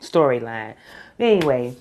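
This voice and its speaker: A woman's voice: extremely low pitch, very animated, measured pace, darkish tone. A woman giving a blunt, exasperated casual recap of a reality show, swearing as she talks.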